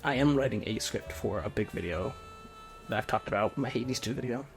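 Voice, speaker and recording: A young man in his twenties talking quietly and off the cuff, with a monotone voice, often restarting his sentences. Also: mid-range voice, fairly quick, creaky, over music. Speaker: video essayist. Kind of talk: unscripted video essay. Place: home room with roommates nearby.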